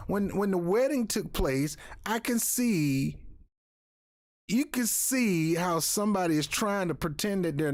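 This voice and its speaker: A man's voice: high-pitched, no room sound, clean studio sound. A middle-aged man with a New York accent giving blunt, rambling commentary on a vlog, often repeating himself. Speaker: YouTube commentator.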